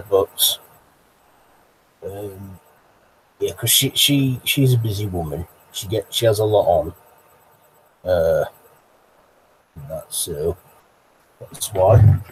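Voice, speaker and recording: Slow, hesitant man hosting. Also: on the low side, a little mellow, slight background noise, low-quality recording. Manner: hesitant, full of ums and restarts, reads chat aloud. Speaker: livestream host. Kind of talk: casual live-chat commentary.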